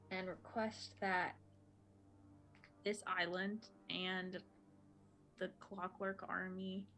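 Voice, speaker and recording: A woman's voice: medium pitch, fairly bright tone, poor audio. Woman, player at a tabletop game, chatty, faint music behind. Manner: chatty, thinks aloud. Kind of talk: casual tabletop play.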